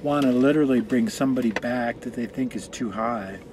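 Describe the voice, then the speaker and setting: A man's voice: mid-range voice, brisk, noisy background. A man from Colorado, a guest on a casual chat show, telling long rambling stories full of profanity and side tracks. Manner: rambling, profane, tangential storytelling. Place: room where marijuana is being smoked.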